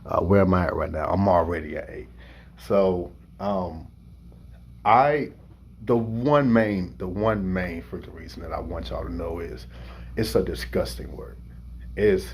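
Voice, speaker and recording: A man's voice: low voice, a little mellow, a little hiss or hum. A young man who hosts a music review show, telling a personal story in a rambling, heartfelt way. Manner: rambling and heartfelt, with many restarts and fillers.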